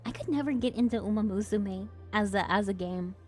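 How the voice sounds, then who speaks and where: A woman's voice: mid-range voice, a little fast, darkish tone, faint music behind. A young woman hosting her stream, chatting casually with viewers and laughing often. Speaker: streamer host.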